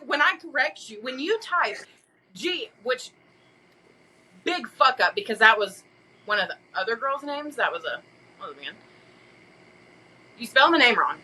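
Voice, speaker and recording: A woman's voice: sits high, expressive, normal speed, pauses often, bright, forceful tone, husky, low-quality recording. A woman co-hosting a podcast, talking in a sassy, exasperated way with frequent swearing. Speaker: podcast co-host. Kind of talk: casual chat.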